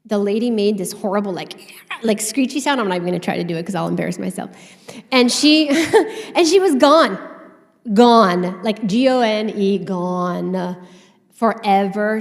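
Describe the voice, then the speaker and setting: A woman giving a conference talk on stage, telling a personal story in a candid, animated way with casual swearing. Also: mid-range voice, in a large hall. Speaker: conference speaker.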